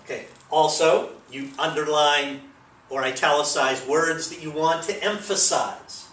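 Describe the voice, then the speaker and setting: A man's voice: fairly high pitch, measured pace, a bit bright, a little hiss or hum. A man giving a recorded grammar lesson, explaining in a loose, rambling way with many fillers. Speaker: teacher. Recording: echoey room, mic at a distance.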